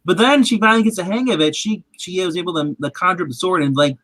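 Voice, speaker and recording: A man hosting a casual show, retelling a TV episode in an animated, rambling way with restarts. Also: sits high, fast, no room sound. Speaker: podcast host. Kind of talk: casual chat recapping a TV episode.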